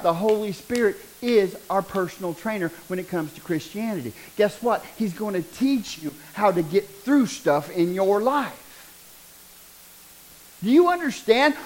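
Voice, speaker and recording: A middle-aged man preaching a sermon, joking and building to loud bursts. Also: very high voice, poor audio. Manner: animated, joking, preaching with rising bursts and laughter.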